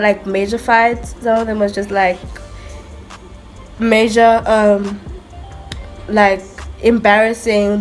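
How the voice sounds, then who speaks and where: A young woman vlogger telling a story in a chatty, self-mocking way, full of "like" and "literally". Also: medium pitch. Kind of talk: casual storytime monologue.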